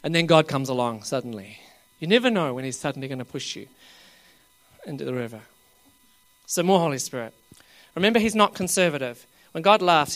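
Male charismatic preacher, slightly high voice, laughing and urging the crowd on. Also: lively intonation, moderate pace, long pauses. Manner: laughing often, coaxing the crowd; rising to loud bursts.

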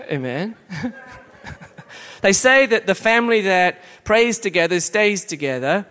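A man preaching a lively sermon, playful and exclamatory, often breaking into laughter. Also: high voice, measured pace, clear, resonant tone.

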